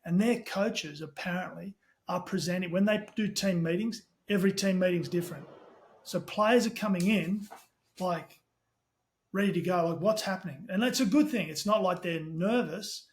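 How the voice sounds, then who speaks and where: A middle-aged Australian man, a podcast guest, telling animated stories in casual chat with the odd swear word. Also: high voice. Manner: animated storyteller, talks fast with casual swearing. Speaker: podcast guest, tech company CEO.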